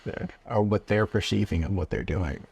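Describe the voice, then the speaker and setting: A man being interviewed, answering in a calm and earnest way. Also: deep voice, moderate pace, creaky, husky. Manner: calm, earnest, acts out parent-child dialogue. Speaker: guest. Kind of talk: casual interview.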